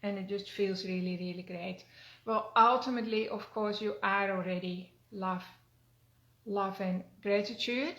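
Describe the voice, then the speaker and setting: A woman teaching a self-help wellness practice, talking gently and repeating phrases, with many fillers. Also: mid-range voice, steady tone, measured pace, roomy sound, rough recording. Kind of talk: spoken self-help talk.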